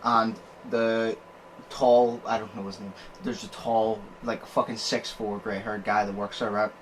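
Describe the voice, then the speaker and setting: A man's voice: fairly low pitch, level tone, unhurried, slight background noise. A young man hosting a podcast, telling a story in casual chat, swearing freely and breaking into laughter. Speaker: podcast host.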